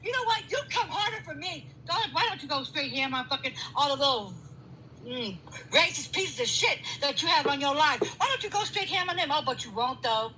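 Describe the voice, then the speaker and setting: A woman arguing heatedly on a live stream, profane and confrontational, with loud outbursts. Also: sits high, lively intonation, fairly quick, a little hiss or hum, low-quality recording. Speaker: guest caller.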